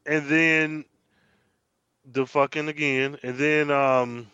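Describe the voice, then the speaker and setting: A man's voice: a little high, fairly even intonation, slow, sharp tone, clean tone, no room sound, lo-fi sound. A man co-hosting a podcast, talking in a blunt, profane, casual way. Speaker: podcast co-host. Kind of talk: casual chat.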